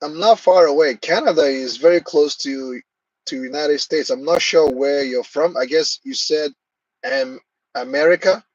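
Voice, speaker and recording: A man's voice: fairly high pitch, expressive, normal speed, no room sound, dull audio. A man hosting a live stream, chatting casually and answering viewers' comments by name.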